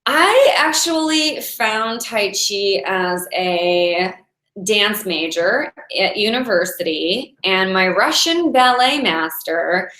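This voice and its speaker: A woman's voice: mid-range voice, lively intonation, takes it slowly, pushed and bright. A woman in her forties, a Taoist meditation teacher, giving a casual inspirational talk in a chatty way and laughing often as she tells stories. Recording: roomy echo.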